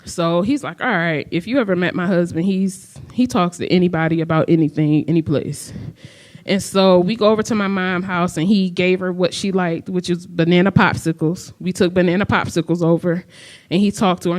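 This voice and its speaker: A woman's voice: on the low side, steady tone, fairly quick, darkish tone. A middle-aged woman telling a personal story to an audience, conversational and acting out the lines of the people in it. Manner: conversational, acts out quoted dialogue. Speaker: speaker telling her story.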